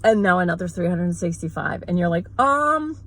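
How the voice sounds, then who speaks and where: A woman vlogger ranting sarcastically in a rambling, mocking way, with quick asides. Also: lowish voice, fairly even intonation, a little mellow, breathy edge, rough recording. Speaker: mother. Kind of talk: sarcastic comedic rant.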